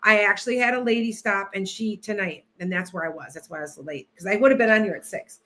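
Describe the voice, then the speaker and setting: Her voice medium in pitch, fast and fairly bright, a woman runs a laid-back livestream where she reads tarot. She drifts from topic to topic and frequently restarts while setting up and chatting with the audience.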